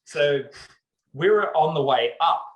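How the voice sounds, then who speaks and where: A man, co-hosting a podcast and telling a story in an animated way, laughing often and acting out what people said. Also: a little high, measured pace, reverberant, rough recording. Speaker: podcast co-host. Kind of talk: casual storytelling chat.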